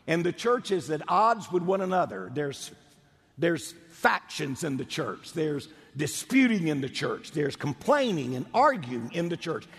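A man's voice: sits high, slightly rough, in a large hall. A male pastor preaching a sermon with emphasis, drawing out key words.

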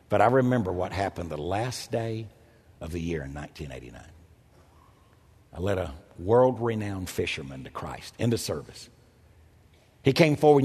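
Husky animated pastor in an echoey hall. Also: male voice. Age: older. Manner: animated, self-mocking, jumps into loud high quoted voices. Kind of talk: storytelling sermon.

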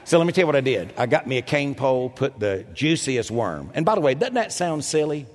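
Husky animated pastor in an echoey hall. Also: male voice, a little fast. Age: older. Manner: animated, self-mocking, jumps into loud high quoted voices. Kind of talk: storytelling sermon.

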